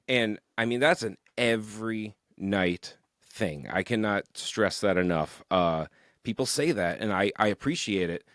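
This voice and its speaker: A young man, a musician guest on a podcast, telling rambling, animated stories about his band with plenty of swearing. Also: lowish voice, unhurried, no echo, clean studio sound. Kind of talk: casual podcast interview.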